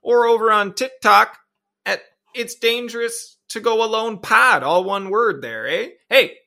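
Man putting on a bro, smug, crude, bright gravelly voice. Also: sits high, unhurried, voice pushed up, full character voice. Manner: smug, ends lines with "there, eh?". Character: crude cocky young male hockey player.

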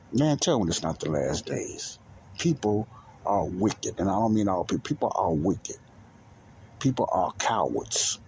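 A man's voice: deep voice, a little hiss or hum. A man, hosting a solo show and delivering an angry, preachy monologue that repeats its points and rises to emphatic outbursts. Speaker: podcast host.

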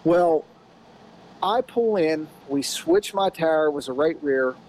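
An American man in his fifties, a podcast guest telling a racing story in a rambling, animated way with lots of "you know"s. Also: a little high, slow, poor audio. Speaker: podcast guest, former off-road racer. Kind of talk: casual storytelling.

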